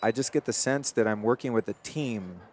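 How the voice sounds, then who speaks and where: A man's voice: medium pitch, fairly quick, a little hiss or hum. A man hosting a podcast, musing reflectively in casual conversation. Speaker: podcast host.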